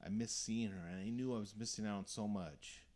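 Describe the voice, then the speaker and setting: A young man chats on a podcast in a lowish voice. He tells his stories casually, with an animated delivery and plenty of swearing. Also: fairly quick. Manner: swears a lot, animated storytelling. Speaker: podcast host.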